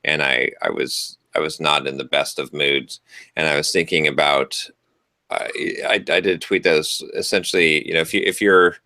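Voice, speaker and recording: Male podcast co-host, very deep yet bright, hesitant casual talk, dry mic. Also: fairly even intonation, normal speed, no room sound. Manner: hesitant, trailing off with restarts and laughs.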